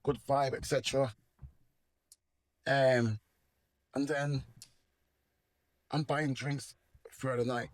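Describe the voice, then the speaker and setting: Speaking slowly with frequent pauses and a flat delivery, a middle-aged man from England shares his personal story as a guest on a dry recording. His mid-range voice carries Manchester English, and he rambles, uses slang, and imitates the people he talks about.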